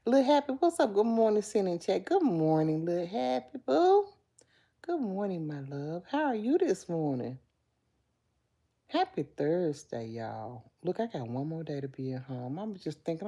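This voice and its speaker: A woman in her fifties with a Southern drawl chats with her viewers on a live stream, calling them by name and joking. Her pitch swings up and down a lot, and her voice sounds mellow and warm. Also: big pitch swings, normal speed. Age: 50s. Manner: chatty, greets viewers by name, playful. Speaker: livestream host. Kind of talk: casual live chat.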